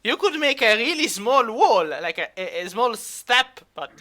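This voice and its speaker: A man's voice: extremely high pitch, big pitch swings, measured pace, sharp tone. A man running a tabletop game as game master, rambling with lots of fillers. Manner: rambling, many fillers, laughs easily.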